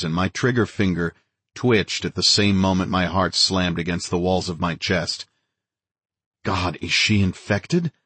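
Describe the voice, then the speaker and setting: A man narrating an audiobook in a steady, dramatic reading of scripted narration. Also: sits low, husky, dry recording.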